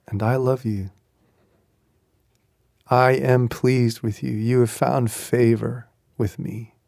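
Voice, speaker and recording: A man voicing a gentle, fatherly God who speaks softly and tenderly, welcoming the listener by name. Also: medium pitch, level tone, gravelly, no echo, clean studio sound. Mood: reassuring. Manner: hushed, slow, intimate and tender.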